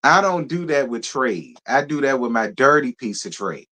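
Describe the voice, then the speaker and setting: A man's voice: medium pitch, moderate pace. A man hosting a live-stream review show, talking casually and sassily to his viewers. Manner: sassy, animated, talks straight to his viewers.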